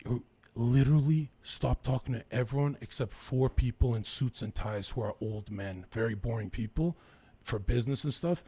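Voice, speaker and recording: A man's voice: mid-range voice, normal speed, darkish tone, breathy edge. A young man from western Canada, a podcast guest telling stories in a rambling, profane way. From Lower Mainland, British Columbia, Canada. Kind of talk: casual podcast chat.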